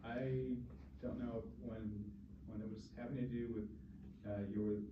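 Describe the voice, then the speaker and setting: A man on a discussion panel, speaking hesitantly in halting sentences with many pauses. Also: mid-range voice, flat delivery. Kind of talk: casual discussion. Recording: distant, roomy, dull, noisy.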